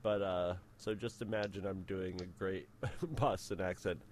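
A man's voice: deep voice, fairly even intonation, a little slow, a little mellow. Casual man reading listener mail. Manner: rambling, self-correcting. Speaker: podcast co-host.

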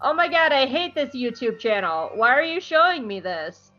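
A woman voicing a flustered, panicky young male hero in a comedic recap impression, with excitable, yelping delivery. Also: moderate pace, muffled recording, faint music behind. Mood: exasperated. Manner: excitable, high-pitched yelping.

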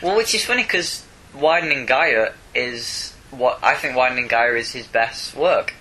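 A man's voice: mid-range voice, a little slow, bright, forceful tone, low-quality recording. A man, co-hosting a podcast in easygoing chat. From Northern England. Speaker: podcast co-host. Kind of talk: casual chat. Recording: faint hiss.

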